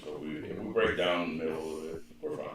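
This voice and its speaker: A man's voice: rumbling low, fairly even intonation, fast talker, a crowd in the background. A man chiming in with short blunt remarks during a casual podcast chat. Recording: echoey room, distant mic, loud noise.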